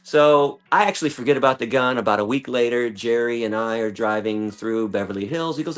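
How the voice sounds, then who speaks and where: A man telling a long story in conversation, animated and acting out other people's lines, with casual swearing. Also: medium pitch, fairly quick, few pauses, smooth. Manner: animated, acts out quoted voices, swears casually. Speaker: guest, animal rights activist.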